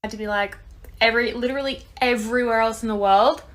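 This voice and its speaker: An Australian woman with a fairly high voice telling a story. She drops into quoted lines as she goes, keeping a casual tone. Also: fast. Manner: animated, acts out what others said.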